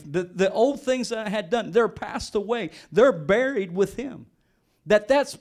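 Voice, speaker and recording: High-voiced earnest male pastor preaching. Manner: repeats words and restarts, earnest and animated. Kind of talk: sermon.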